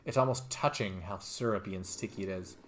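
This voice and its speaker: A man doing a loud, tempting inner voice of vice. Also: low voice, a little fast, slight background noise, natural voice.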